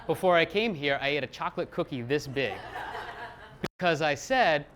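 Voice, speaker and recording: Lively man giving a self-mocking talk. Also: fairly high pitch, measured pace, long pauses, slight background noise. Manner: lively, self-deprecating, acts out quotes. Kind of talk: live talk to an audience.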